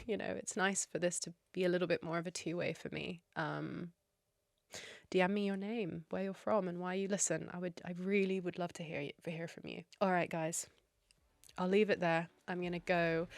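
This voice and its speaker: A tearful woman hosts a solo podcast, talking earnestly and encouragingly to her listeners. Her voice sits fairly low with a gravelly edge. The sound is dry and close, with no room around it. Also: no echo. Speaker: podcast host.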